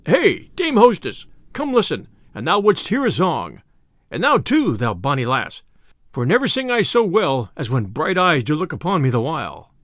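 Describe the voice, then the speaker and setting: A man voicing a boastful, hot-tempered tinker who blusters loudly in old-fashioned speech. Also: huge pitch swings, moderate pace, no room sound, clean studio sound, heavily acted. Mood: merry, tipsy. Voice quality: deep bull-like bellow.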